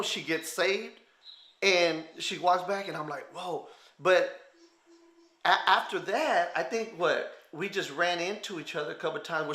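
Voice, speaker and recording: A man with a Texan accent tells an animated story, his voice high and bright. He acts out quotes and laughs along the way. The sound rings a little in a roomy studio. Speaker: guest telling his story. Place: television studio.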